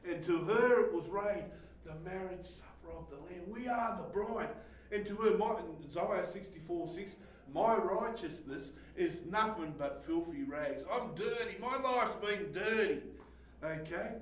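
A man preaching a sermon as pastor, swinging between loud, excited exhortation and quiet scripture reading. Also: high-pitched, a little slow, reverberant, distant mic, poor audio. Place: church fellowship hall.

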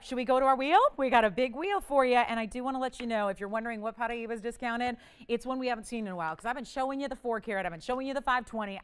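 A woman hosting a live jewelry shopping show, pitching items in chatty, joking, upbeat patter. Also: clean tone. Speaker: shopping channel host.

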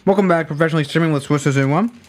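A man with a fairly high voice races through his words while playing a flight simulator on a live stream. His chat is casual and laid-back, full of rambling and self-corrections.

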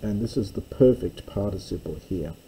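A man teaching a slow verse-by-verse Greek lesson, stopping often to explain words and grammar. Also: deep voice, gravelly, warm tone, slightly rough, rough recording. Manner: careful, stops to explain grammar.

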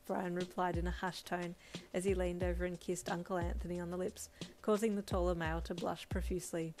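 A woman narrating a second-person fan story in a calm, even storytelling manner. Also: fairly low pitch, a little fast. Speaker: fanfiction reader. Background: faint lo-fi drum music.

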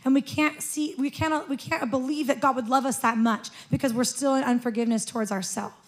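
A woman preaching a sermon in a church, telling a personal story in an animated way and often laughing. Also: sits high, fairly quick.

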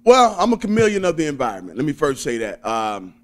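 A young comedian with a Southern accent chats easily in an interview. His voice sits a little high for a man, and he jokes and chuckles as he talks. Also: wildly swooping pitch, fast talker. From Birmingham, Alabama. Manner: laid-back, jokey, chuckling often. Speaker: stand-up comedian guest. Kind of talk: casual interview chat.

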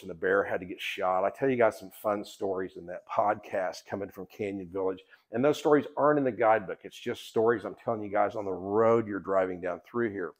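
A middle-aged man, a podcast host and guidebook author, talking casually like a folksy storyteller who swears now and then. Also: fairly low pitch. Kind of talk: casual promotional talk.

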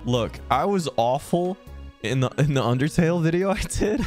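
A man's voice: on the high side, expressive, normal speed, darkish tone, soft background music. A young man hosting a gaming video, giving casual, self-mocking commentary with swearing. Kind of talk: casual let's play commentary.

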